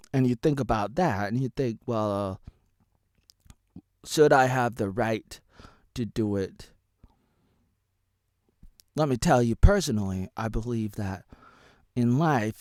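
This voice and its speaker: A man in his thirties from Oregon hosting a rambling solo vlog, jumping between wild shouted bursts and low mumbled asides. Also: dry recording. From Oregon, United States. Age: 30s. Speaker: vlogger host.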